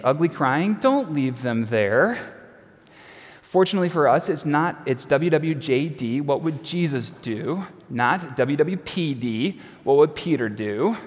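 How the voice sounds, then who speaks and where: A man preaching a sermon in a conversational, wry way, letting his phrase endings drop off quietly. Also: a little high. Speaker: pastor. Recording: long reverb of a large hall.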